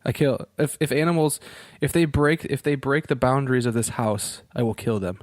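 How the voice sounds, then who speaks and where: Male co-host from Virginia, mid pitch, dry sound, rambling and self-deprecating. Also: moderate pace, no echo. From Virginia, USA. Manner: rambling, self-mocking, swears casually, laughs often. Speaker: podcast co-host. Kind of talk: casual podcast chat.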